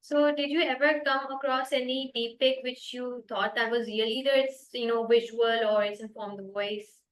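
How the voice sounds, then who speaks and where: A woman's voice: a little high, steady tone, normal speed. A woman hosting a podcast interview, reading an upbeat welcome and then asking casual questions. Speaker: podcast host. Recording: echoey room with faint music.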